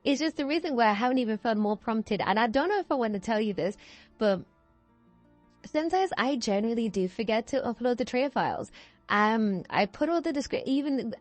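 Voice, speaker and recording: A woman in her twenties, tired and yawning, recording a chatty, meandering voiceover at home and often correcting herself mid-sentence. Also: fairly high pitch. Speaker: video creator. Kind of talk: casual rambling voiceover. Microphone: voiceover microphone.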